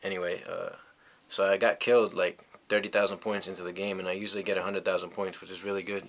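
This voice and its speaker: This young American vlogger tells a personal story in a deep, level voice with little pitch movement and some vocal fry. He talks fast with a bright, forceful tone, rambling reflectively and circling back with "you know" after nearly every thought, over slight background noise.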